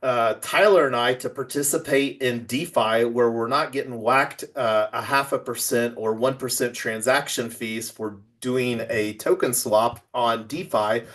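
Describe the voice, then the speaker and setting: Male host, loose rambling talk full of restarts, mid-pitched voice. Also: a bit bright. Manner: rambling, lots of fillers and restarts. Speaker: project host. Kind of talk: casual online office-hours chat.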